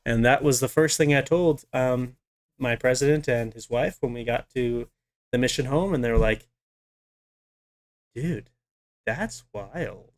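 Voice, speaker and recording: A young man in his twenties telling a personal story to camera in a casual, animated and dramatic way. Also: medium pitch, normal speed.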